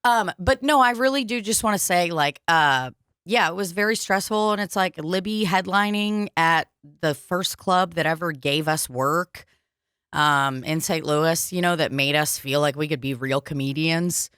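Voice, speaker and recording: Swearing, low-voiced woman telling a story. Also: moderate pace, a bit bright, clear, resonant tone, no room sound, studio quality. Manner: swears freely, acts out quotes. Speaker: podcast co-host. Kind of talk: casual chat, storytelling.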